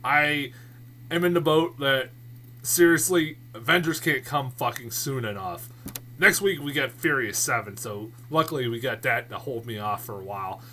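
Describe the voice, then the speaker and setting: A man casually reviewing movies in a vlog, rambling and excitable, swearing a lot and restarting his sentences often. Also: mid-range voice, moderate pace, a little hiss or hum. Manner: many fillers and restarts.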